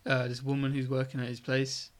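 A man's voice: mid-range voice, monotone, a little fast. A young man co-hosting a podcast, swearing a lot and laughing often in casual chat. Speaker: podcast co-host.

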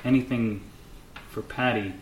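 A man voicing a gentle robed male medium in a tabletop game, soft and hesitant. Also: mid-range voice, steady tone, measured pace, reverberant, slight background noise, natural voice, low-quality recording. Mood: mystical.

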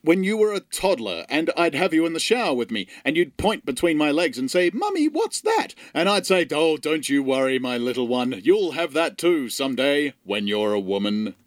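A man voicing a deep-voiced, crude mother who overshares on the phone in a comedy sketch. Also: very animated, moderate pace, few pauses, no echo, studio quality. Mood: doting crude. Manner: doting, oversharing, crude homespun talk.

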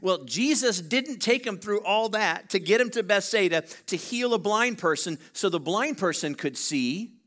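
A man preaching a sermon, his voice high and bright. He stretches words out for emphasis and calls on the congregation to read along with him. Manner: animated, drawn-out emphasis, congregational call-and-response. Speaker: pastor.

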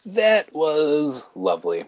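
A man co-hosting a podcast in casual chat, rambling and halting, with frequent laughs. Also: a little high, huge pitch swings, a little mellow, no echo. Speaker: podcast co-host.

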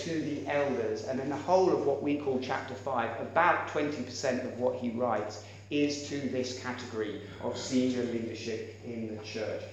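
A man preaching a sermon as a church elder and pastor, asking the congregation rhetorical questions and swinging between loud and soft delivery. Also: medium pitch, muffled recording. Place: church hall. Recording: very echoey church hall, faint noise.

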